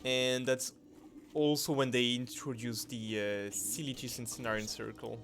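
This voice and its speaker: A man commenting on his gameplay, reading patch notes aloud in non-native English phrasing and breaking into excited exclamations. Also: mid-range voice, a little slow. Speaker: channel host. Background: background music.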